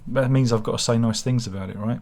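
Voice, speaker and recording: A man's voice: mid-range voice, fairly even intonation, fast talker, background noise. A man, hosting a casual book review channel, rambling with sardonic, self-mocking humor. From England.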